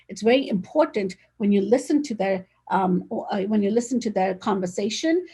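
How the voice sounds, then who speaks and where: Woman, interview guest, emphatic and direct, husky voice, gravelly fry, video call. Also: medium pitch, dark tone. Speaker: real estate agent, guest. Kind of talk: casual conversational interview.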